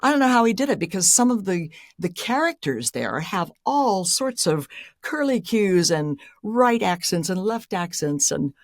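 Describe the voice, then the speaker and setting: Animated woman narrator, lively pitch. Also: normal speed, no room sound, studio quality. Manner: animated storyteller, laughs often, voice jumps up for emphasis. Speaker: airline pilot and audiobook narrator, guest. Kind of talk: casual interview chat.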